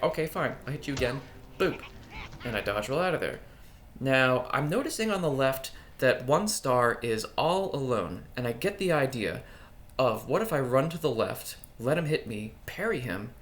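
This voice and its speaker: A man's voice: medium pitch, a bit bright, a little hiss or hum. A man giving casual, playful commentary over his own gameplay footage as a guide creator, swearing now and then.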